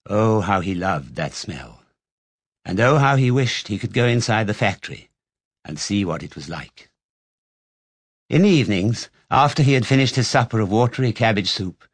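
A man reading his own children's book aloud as an audiobook, in a measured, deliberate storytelling manner. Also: on the low side, no echo. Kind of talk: audiobook narration.

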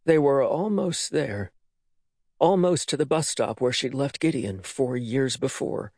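A man reading an audiobook, narrating in an expressive, dramatic way. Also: medium pitch, a little slow, dry recording, clean studio sound. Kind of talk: scripted narration.

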